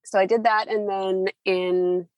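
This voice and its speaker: A middle-aged woman, a former publicist, telling her story in a relaxed, chatty interview. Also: mid-range voice, unhurried, no room sound, muffled recording. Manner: chatty, acts out quoted people. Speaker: guest, former entertainment publicist.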